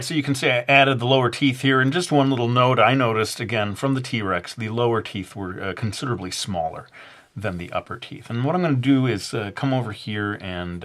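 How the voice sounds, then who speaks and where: A man's voice: lowish voice, a bit bright. A man narrating a drawing tutorial in a loose, rambling way, full of fillers and little self-deprecating jokes. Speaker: drawing instructor.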